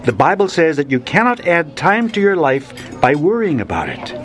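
A kindly, chuckling mentor. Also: male voice, fairly high pitch, sing-song, moderate pace. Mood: reassuring. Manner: gentle, chuckling, patient. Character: kindly older shopkeeper mentor, gently teasing. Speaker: mentor to children. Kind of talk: radio drama acting.

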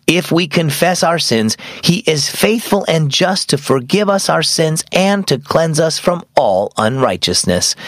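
A man hosting a children's devotional program, narrating a scripted story in an upbeat, expressive way. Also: mid-range voice, dry recording, studio quality.

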